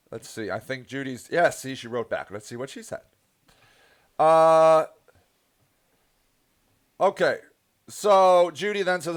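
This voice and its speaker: Male livestream host, high lively voice, sarcastic and indignant, casual delivery. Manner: animated and sarcastic, with indignant outbursts. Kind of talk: casual livestream talk reading comments.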